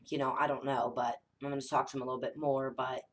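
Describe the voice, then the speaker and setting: A woman in her thirties, a mother telling a spooky family story in a casual, animated way, swearing often and acting out the dialogue. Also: very deep voice, quick pace. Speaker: psychic vlogger, mother.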